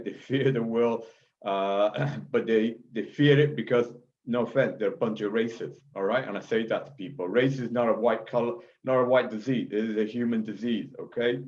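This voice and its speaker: A man's voice: mid-range voice, moderate pace. A man of Chinese origin giving an emphatic lecture, repeating himself and checking in with frequent asides. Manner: forceful, repetitive, frequent "okay?" asides. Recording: dull lo-fi audio.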